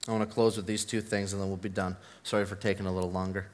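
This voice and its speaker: A man's voice: deep voice, flat delivery, racing. A man preaching a sermon, earnest and building to fervent emphasis, mixing in personal stories. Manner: tells personal stories with self-deprecating laughs.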